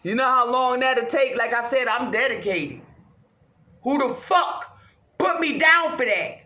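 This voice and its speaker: A woman ranting casually to her viewers, swearing heavily, animated and laughing often. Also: high-pitched, measured pace. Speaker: vlogger. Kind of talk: casual rant to camera. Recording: roomy echo.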